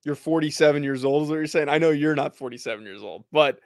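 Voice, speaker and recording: A man's voice: on the high side, fast, no room sound, studio quality. A man co-hosting a sports podcast in casual chat, earnest and often repeating words as he starts a thought.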